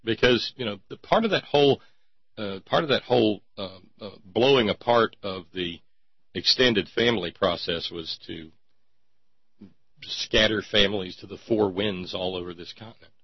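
Wry, husky-voiced male talk host. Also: on the low side, normal speed, no room sound. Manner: wry, digressive, sarcastic. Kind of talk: casual radio-style commentary. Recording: dull lo-fi recording.

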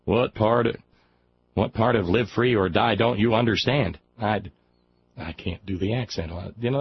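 This Alabama talk radio host reads a news story on air, interrupting himself with sarcastic, mocking jabs in a sardonic running commentary. His voice sits low, the audio has its highs cut off, and there's a little hiss or hum.

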